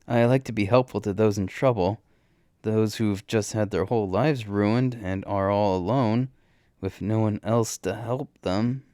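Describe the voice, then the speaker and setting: A nervous young woman speaks in a trembling, awkward voice, as a man puts her on. She is timid and hesitant, a coward at heart. Her voice sits well above the reader's own deep tone. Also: measured pace, warm tone, dry recording, clean studio sound, lightly acted.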